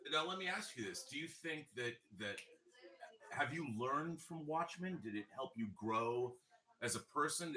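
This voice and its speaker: Guy interviewing a teen, bright sharp voice, jokey and quick to jump in. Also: mid-range voice, rough recording. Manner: playfully wry, jumps in with excited follow-ups. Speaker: host, interviewer. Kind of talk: casual interview.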